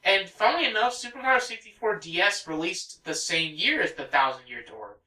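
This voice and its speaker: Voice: mid-range voice, pushed and bright, reverberant, recorded from a distance, poor audio. A let's play host in their thirties, chatting casually over gameplay and wandering off on rambling tangents.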